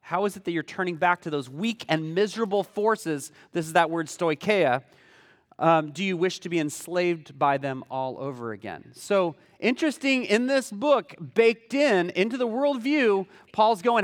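Animated male pastor in a reverberant hall. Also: high voice, moderate pace, studio quality. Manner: animated, conversational preaching with rhetorical questions. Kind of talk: sermon.

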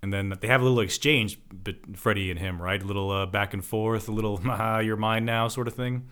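A man with a fairly low voice recaps movie scenes in a laid-back way, chuckling often. The chat is relaxed and conversational, in the manner of a casual podcast. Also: brisk. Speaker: podcast co-host.

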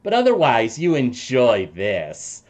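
A gloating, fiendish male villain from a tabletop game, as a man puts him on. He taunts in a mock-friendly tone and pitches up on his jabs. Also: huge pitch swings, slow pace. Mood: taunting.

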